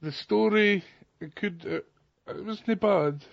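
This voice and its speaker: A man's voice: high-pitched, slow, vocal fry, no echo, muffled recording. A man chatting casually on a podcast, blunt and joking, swearing constantly. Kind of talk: casual chat.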